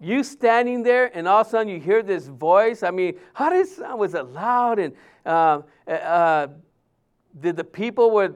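A male pastor, preaching in a conversational way, with many fillers and restarts, dropping his voice softly when he quotes others. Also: high-pitched, animated, normal speed, clear, resonant tone. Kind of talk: sermon.

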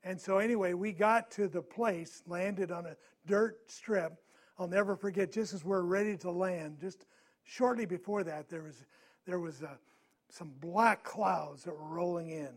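A man's voice: sits high, a little slow. A male preacher giving a sermon through a personal story, talking conversationally and asking his listeners questions, growing more urgent at tense moments.

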